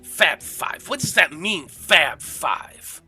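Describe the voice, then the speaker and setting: A stern, suspicious rebel leader woman, as a man puts her on, firing off demanding questions in a bright, forceful voice. Her words come slow and weighty, each question pressed hard, over faint music. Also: on the high side, sing-song, husky, voice pushed up, full character voice.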